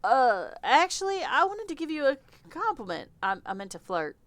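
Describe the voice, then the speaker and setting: A woman's voice: high voice, very animated, moderate pace, no echo, voice pushed up. A woman voicing a nervous, awkward young male demon with hooves, speaking with a Southern accent and stammering. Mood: flustered. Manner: stammering, flustered.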